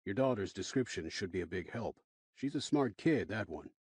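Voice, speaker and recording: Narrator doing a deep, calm cop, husky voice, close and dry. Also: male voice, moderate pace, no room sound. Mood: reassuring. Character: calm, reassuring male police officer.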